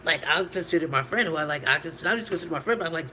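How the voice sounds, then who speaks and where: A woman's voice: on the low side, expressive, racing, vocal fry, bright, forceful tone, a little hiss or hum, rough recording. A woman vlogger telling a candid personal story, rambling and profane, laughing between lines.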